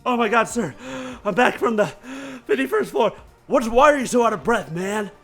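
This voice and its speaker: A man voicing an eager young male police agent who shouts his lines breathlessly, as in a video game. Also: high-pitched, animated, a little fast, soft background music, pitched above the performer's own voice.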